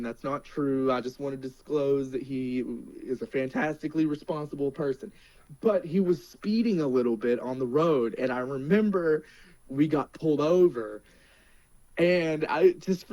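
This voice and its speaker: A young man, a wrestler being interviewed, telling road stories in a casual, animated way and laughing now and then. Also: fairly high pitch, dry recording, low-quality recording. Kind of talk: casual storytelling.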